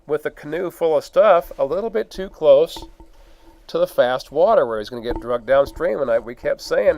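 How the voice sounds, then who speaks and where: A man's voice: fairly high pitch, expressive, normal speed, a little mellow, dry recording. A man casually narrating his own gold prospecting photos, rambling with fillers and laughs. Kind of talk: casual storytelling.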